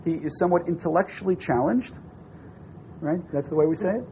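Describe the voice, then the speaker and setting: A man teaching a class in a fairly high voice, swinging up and down as he acts out a story's dialogue. He keeps asking his listeners questions. The recording is dull and lo-fi, with a faint hiss under it. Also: a little fast, gravelly. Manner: animated, acts out dialogue with rising and falling voice; asks the audience questions. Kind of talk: lecture with storytelling.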